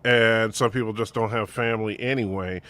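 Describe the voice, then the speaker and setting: Low-voiced bright man, earnest rambling chat. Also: steady tone, normal speed, dry recording. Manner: rambling and earnest, many fillers. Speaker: show co-host and streamer. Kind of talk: casual chat.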